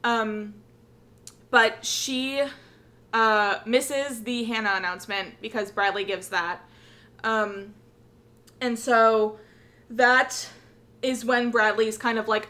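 A woman's voice: a little high, steady tone, slow, long pauses, sharp tone. A young woman co-hosting a podcast, recapping episodes in casual chat and acting out characters' lines with lots of swearing and laughter. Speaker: podcast co-host.

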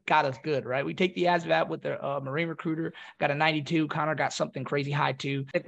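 A man from North Philadelphia tells stories as a podcast guest, with a gravelly, creaky edge to his voice. He pitches a little high for a man and slips into the voices of the people he quotes. His delivery is casual and lively. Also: quick pace, few pauses, lo-fi sound. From North Philadelphia, USA. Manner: animated, acts out quoted voices. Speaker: podcast guest, former Marine. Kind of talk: casual storytelling.

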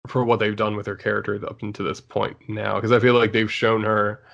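A man's voice: fairly low pitch, flat delivery, a little fast, creaky, fairly bright tone. Rambling man on a dull lo-fi mic. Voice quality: rambling, many fillers and restarts. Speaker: podcast co-host. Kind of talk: casual chat about shows.

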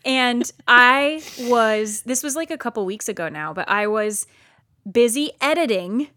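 A woman's voice: a little high, lively intonation, a little slow, sharp tone, dry recording, studio quality. A woman co-hosting a podcast, telling a story in casual chat with lots of fillers and restarts. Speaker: podcast co-host.

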